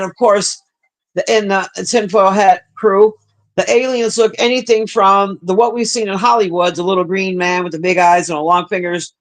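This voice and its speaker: Guy on a stream rambling and cussing at his viewers, kinda high voice. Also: fairly bright tone. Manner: profane, chatty, talks to the chat. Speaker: livestream host. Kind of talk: casual rambling commentary.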